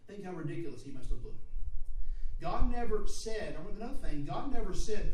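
A man preaching a sermon to his congregation, animated, laughing often and building to loud passages. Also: high-pitched, fast. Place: church sanctuary. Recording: echoey room recorded from far off with faint background noise.

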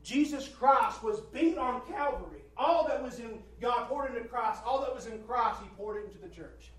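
A man's voice: very high voice, animated, normal speed, fairly bright tone. A male preacher giving an emphatic sermon, swelling and dropping his voice and repeating phrases for effect. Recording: roomy hall from a distant mic, faint ambience.

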